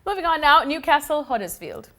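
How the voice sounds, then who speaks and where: Woman host, upbeat and teasing, fairly high voice, casual sports chat. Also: sing-song, fairly quick, background noise. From not from the UK.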